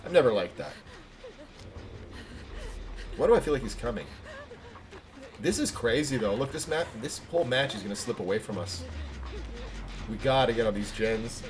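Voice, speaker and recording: A man streaming a game live, chatty and excitable, talking to viewers between moves. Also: mid-range voice, moderate pace, pauses often. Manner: chatty, excitable, laughs easily. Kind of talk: live gameplay commentary.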